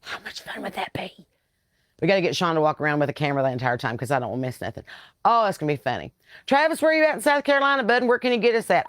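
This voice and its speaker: A woman with a Southern US accent, a comedian hosting a casual live chat and telling rambling stories, full of lively quoted voices. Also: fairly low pitch, dry recording, clean studio sound. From American South. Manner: rambling, chatty storytelling with animated quoted voices. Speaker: comedian and podcast host.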